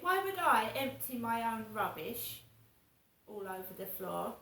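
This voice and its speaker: A woman's voice: a little high, lively intonation, measured pace, vocal fry, fairly bright tone. A woman vlogging in a rambling, indignant monologue, swearing as she talks. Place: home flat. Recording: roomy echo, distant from mic.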